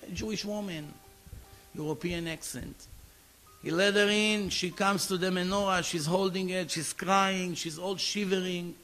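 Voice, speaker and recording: A rabbi delivers a storytelling sermon in a man's voice that sits high. He narrates with animation, slipping into the voices of the people in his tale. Soft music lingers faintly in the background. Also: measured pace. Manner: animated storyteller acting out quoted dialogue.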